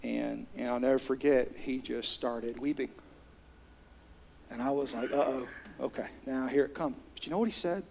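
A man's voice: medium pitch, steady tone, normal speed, vocal fry, slight background noise. A middle-aged man, preaching a sermon as pastor in an earnest, conversational way. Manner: earnest, conversational, with soft laughs.

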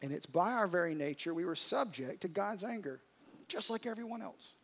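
A male pastor with a high voice delivers a sermon in church. He drops to near-whispers, then builds to loud, driving peaks. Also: expressive, a little fast, creaky. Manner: dramatic, swings from hushed to loud. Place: church service.

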